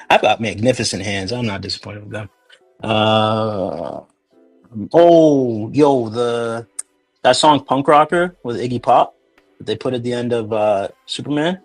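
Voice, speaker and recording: A man's voice: medium pitch, a little slow, faint music behind. A man hosting a casual chat, rambling and joking through tangents.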